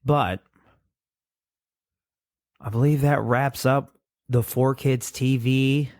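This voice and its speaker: A man co-hosts a casual podcast chat at an unhurried pace and a middle pitch. His voice is dry and close, with no room sound. He talks in a relaxed way and reads out the show's plugs. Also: no echo. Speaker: podcast co-host.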